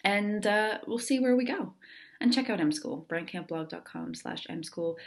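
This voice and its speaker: A woman's voice: mid-range voice, expressive, moderate pace, creaky. A woman hosting her own podcast in a casual monologue, candid and earnest, swearing freely as she chats. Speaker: podcast host.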